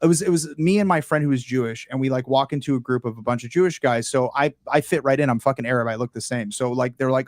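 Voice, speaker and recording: A young man of Palestinian heritage, a guest creator, talks in a casual panel chat, animated and profane. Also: medium pitch, quick pace, hardly any pauses, dry recording.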